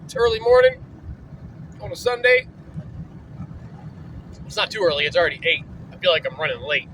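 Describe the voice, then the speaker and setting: A man's voice: high voice, animated, moderate pace, a bit bright, a little hiss or hum, low-quality recording. A man vlogging casually while driving, loose and profane, trailing off with fillers. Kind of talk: casual rambling vlog. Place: in a moving vehicle on an early morning drive.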